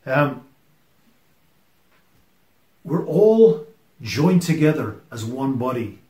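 A man preaching a sermon, earnest and emphatic, often letting his sentences fall to a quiet finish. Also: medium pitch, sing-song, very slow, echoey room. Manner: earnest and emphatic, often dropping to a hushed close. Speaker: pastor.

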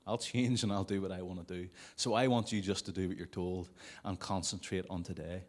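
Guy preaching at a church service, lowish voice, chatty with little jokes on the side. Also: steady tone, brisk. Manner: conversational, with jokey asides. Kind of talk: sermon. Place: church service before a congregation.

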